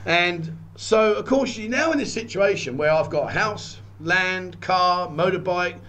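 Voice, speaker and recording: A man earnestly telling a personal story, often halting and repeating words. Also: high voice, a bit bright. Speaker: guest telling his story.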